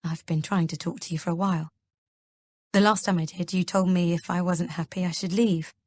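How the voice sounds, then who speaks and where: A woman reading an audiobook, voicing a gentle, worried husband who talks softly and hesitantly. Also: fairly low pitch, steady tone, fairly quick, no room sound, clean studio sound, natural voice. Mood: earnest. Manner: soft, hesitant pleading.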